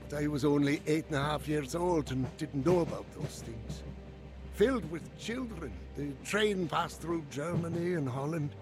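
A man narrating his childhood memories in a calm, reflective storytelling manner. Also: a little high. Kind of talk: scripted memoir narration.

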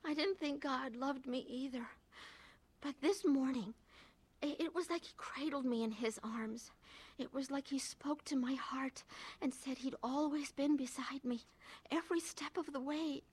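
A woman's voice: sits high, unhurried. An actress voicing a troubled middle-aged wife who narrates her own story and acts its scenes, in a radio drama. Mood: distraught. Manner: earnest, confessional. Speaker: narrator and lead.

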